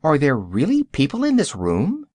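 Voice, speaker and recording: A man voicing a kindly, courteous old male wizard in a polite, measured way. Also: a little high, huge pitch swings, warm tone, dry recording.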